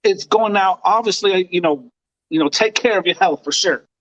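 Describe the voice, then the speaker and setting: High-voiced playful podcast man, dull sound. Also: normal speed, a bit bright, no echo. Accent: American. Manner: playful, stumbles and repeats words. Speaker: podcast co-host. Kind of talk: casual chat.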